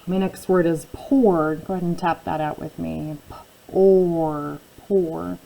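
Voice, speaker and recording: A woman teaching a phonics spelling lesson, speaking slowly and patiently, repeating each word and asking the listener questions. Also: on the low side, fairly even intonation, creaky, dull audio, a little hiss or hum.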